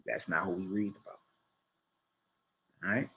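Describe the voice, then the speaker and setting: A man's voice: sits low, fairly even intonation, moderate pace, pushed and bright. A man leading a livestreamed scripture study, reading passages aloud and explaining them in casual slang while checking in with his listeners. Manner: reads passages aloud, then paraphrases. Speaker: teacher.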